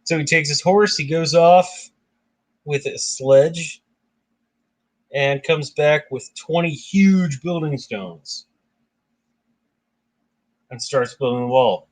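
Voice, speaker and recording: A man's voice: fairly high pitch, slow, pauses often, low-quality recording. A man hosting a casual book discussion, reading passages aloud and commenting in a conversational way. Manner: conversational, reads passages aloud, chatty asides.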